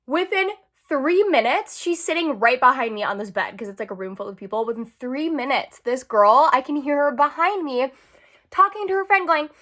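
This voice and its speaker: High-voiced chatty young woman vlogger. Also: expressive, fairly quick, pushed and bright. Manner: chatty storytelling, full of "like". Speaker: beauty vlogger. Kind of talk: casual chat.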